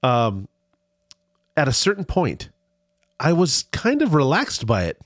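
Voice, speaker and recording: A man's voice: mid-range voice, wildly swooping pitch, takes it slowly, dry recording, clean studio sound. A man telling a rambling travel story in casual chat, with many restarts.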